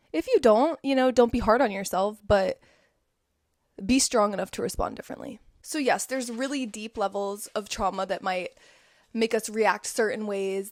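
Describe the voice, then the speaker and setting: A woman's voice: mid-range voice, no echo. Young woman, casual motivational talk, emphatic, repeats key words, dry close sound. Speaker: host.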